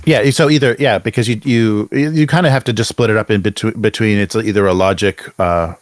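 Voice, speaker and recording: A man running an online tabletop horror game as game master, laughing easily and talking in halting bursts. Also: lowish voice, no echo, studio quality. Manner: laughs often, halting with fillers.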